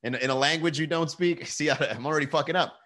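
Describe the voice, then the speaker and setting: Joking, foul-mouthed podcast host. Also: male voice, on the high side, fast talker, bright, forceful tone. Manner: loose, joking, reads chat comments aloud, swears freely. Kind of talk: casual live-stream chat.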